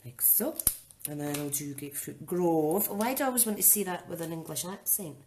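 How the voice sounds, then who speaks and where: A woman leads a relaxed live craft demonstration, with a low, easy voice. She chats along and thinks out loud as she goes, and a faint noise sits under her speech. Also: fairly quick. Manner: chatty, thinking aloud as she works. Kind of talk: casual live-streamed craft demo.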